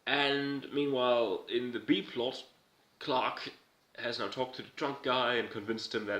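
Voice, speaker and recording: A man recaps casually, rambling and swearing with an irreverent edge. His voice is bright and forward. The room around him is noticeably roomy. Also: mid-range voice, steady tone, unhurried. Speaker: video host recapping a TV episode. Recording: roomy echo.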